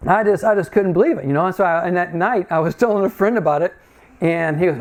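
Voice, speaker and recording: A man's voice: high-pitched, fast. A man preaching a sermon in a conversational, folksy way, often asking his listeners questions.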